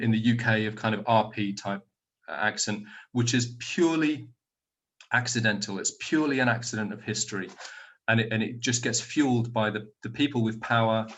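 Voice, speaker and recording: A man's voice: fairly low pitch, fairly bright tone. A man speaking at an online conference, answering audience questions over a video call from home in a thoughtful, explanatory way.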